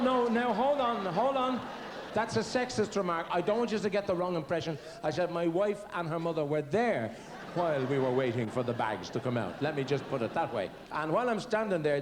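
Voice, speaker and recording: A man's voice: mid-range voice, background noise. A man with an Irish accent doing live stand-up comedy, with rambling, self-mocking storytelling.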